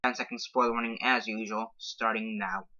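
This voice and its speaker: A man's voice: lowish voice, steady tone, normal speed, pushed and bright, muffled recording. A man giving a casual movie review who rambles, hesitates often and keeps circling back with "so yeah". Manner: rambling, repeats "so yeah" with many ums.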